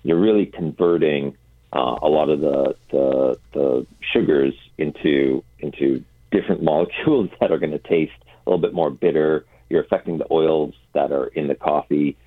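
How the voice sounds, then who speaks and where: Very deep man on a tinny phone line. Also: moderate pace, no echo. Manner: explanatory, hesitant with many ums. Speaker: guest, coffee roaster. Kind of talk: radio phone-in interview. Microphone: telephone.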